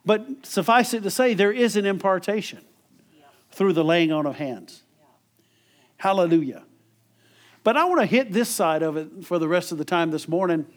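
Middle-aged male preacher, conversational sermon delivery, a little high-pitched, chuckles between points. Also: lively intonation, normal speed, pauses often. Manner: conversational, repeats and restarts words, chuckles often.

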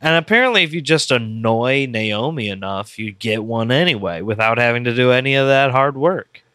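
A man's voice: medium pitch, expressive, moderate pace, bright, forceful tone, clean tone, dry recording, clean studio sound. A man co-hosting a wrestling podcast in casual chat, sardonic and swearing freely.

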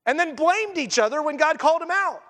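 A middle-aged male pastor preaches with a strikingly high voice, jumping into the voices of the people he quotes. His words ring out with the long reverb of a big church hall. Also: brisk. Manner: animated, acts out quotes, restarts often. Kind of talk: sermon.

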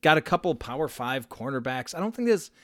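A man's voice: mid-range voice, very animated, a little fast, fairly bright tone, no room sound, studio quality. A man co-hosting a sports podcast who thinks aloud and hedges his opinions in casual chat. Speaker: podcast co-host.

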